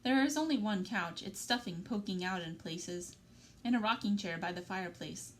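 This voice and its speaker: A woman reads a novel aloud, steady and even-paced, with quiet emotional weight on key phrases. Her voice sits at a middle pitch over a faint background hum. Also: moderate pace, rough recording. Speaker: library story reader. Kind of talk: reading a young adult novel aloud.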